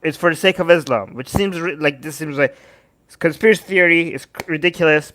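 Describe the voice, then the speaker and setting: A man hosting a livestream, reacting to videos with sarcastic, animated commentary and talking to his chat. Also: on the high side, a little fast. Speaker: livestream host.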